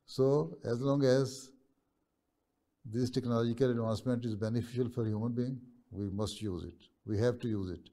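A man as a religious leader answering students' questions over a video call, speaking in a measured, pausing way and often checking in with "right?". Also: medium pitch, steady tone, warm tone.

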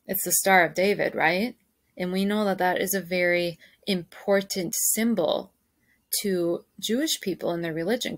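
A woman's voice: on the low side, no room sound. A woman teacher reading a novel aloud to her students, stopping to ask questions and explain.

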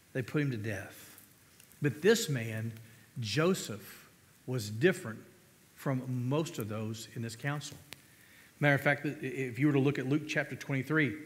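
A man pastor preaching a sermon, emphatic, asking the congregation questions and calling for amens. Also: mid-range voice. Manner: emphatic preaching, rhetorical questions, calls of amen. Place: church sanctuary. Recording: long reverb of a church hall.

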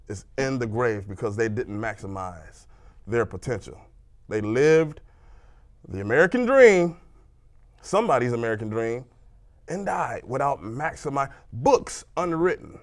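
A man who works as a life coach, co-hosting a local TV talk show in the studio. He speaks with repeated starts before he lands firm, quotable lines. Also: mid-range voice. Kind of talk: motivational studio chat.

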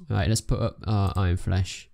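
A young man, chatting casually through a game and getting excitable in the busy moments. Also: lowish voice, creaky. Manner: chatty, self-narrating, excitable bursts. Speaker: let's play gamer. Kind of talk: casual gameplay commentary.

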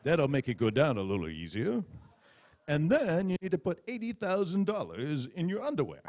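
Man as a smooth, scheming politician, low and soothing, comedy bit. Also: wildly swooping pitch, normal speed, darkish tone. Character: smooth-talking male politician, calm schemer.

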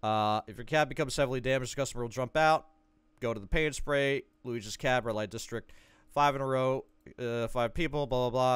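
A man's voice: medium pitch, a little fast, a bit bright, clear, resonant tone, no room sound. A man playing through a game and reading a walkthrough guide aloud, breaking off for joking asides. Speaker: gaming video creator. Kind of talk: let's play commentary.

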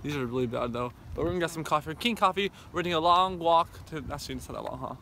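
A young man vlogs to his viewers on a handheld camera, chatty and upbeat. His voice has a gravelly fry to it. A little background noise sits under his talk. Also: fairly high pitch, racing. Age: 20s. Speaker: vlogger, college student. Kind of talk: casual vlog chat.

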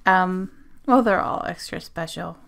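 A woman's voice: on the low side, unhurried, vocal fry, a bit bright. A woman from Australia chatting casually at her desk as she opens mail on her phone camera, gushing, giggling and sometimes dropping to a whisper. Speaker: zine vlogger. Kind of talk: casual unboxing chat. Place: home desk.

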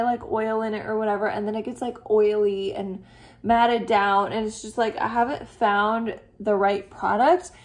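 A woman vlogging a beauty box unboxing, chatting casually and reading product blurbs aloud between her own asides. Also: fairly high pitch. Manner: frequent "like" fillers.

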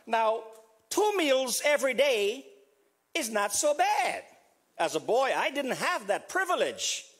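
Husky-voiced male preacher with lively pitch. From South America. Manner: repeats a refrain, dropping to a soft low voice; builds up to emphatic preaching. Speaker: pastor. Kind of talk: funeral sermon.

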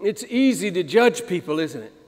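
A man's voice: high-pitched, very animated, moderate pace, darkish tone, big-room sound. A male pastor preaching a sermon, emphatic and repetitive, building to fervent appeals in a church. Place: church sanctuary.

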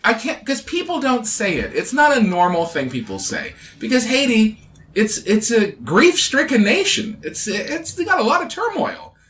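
A man's voice: wildly swooping pitch, normal speed, fairly bright tone. A man, a comedian guest in casual chat aboard a cruise ship, joking dryly and playfully. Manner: playful, dry jokes, swings up and down in pitch.

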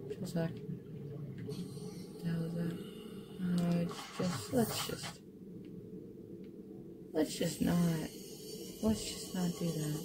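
Slow-talking gamer mutters playfully. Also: medium pitch, very noisy. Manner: playful muttering to themselves and the game; sudden excited outbursts. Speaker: gamer playing a survival game. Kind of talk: casual gameplay commentary.

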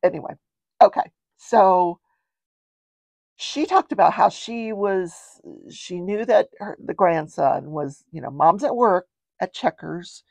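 A woman's voice: on the low side, animated, slow pace, creaky, darkish tone, no room sound. An older woman hosting a show, recapping a trial in a chatty, rambling way with wry asides. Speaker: true-crime show host.

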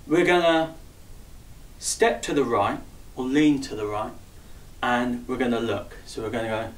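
A man's voice: mid-range voice, unhurried. Jokey man calling out dance steps. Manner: chatty, upbeat, jokey, counts beats aloud. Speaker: dance instructor. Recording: roomy echo, voice far from mic.

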